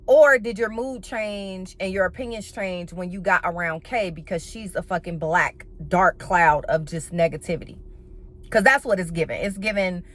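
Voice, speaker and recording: A woman recaps reality TV in a loose, chatty vlog style. She is blunt, sassy and quick to swear, and her slang is playful. Her voice sits in a middle range. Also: medium pitch, fairly bright tone. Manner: blunt, profane, sassy and opinionated. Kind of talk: casual episode recap commentary.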